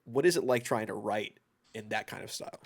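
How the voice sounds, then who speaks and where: Low-voiced man asking winding questions. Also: expressive, a little fast. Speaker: podcast co-host. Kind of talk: casual interview chat.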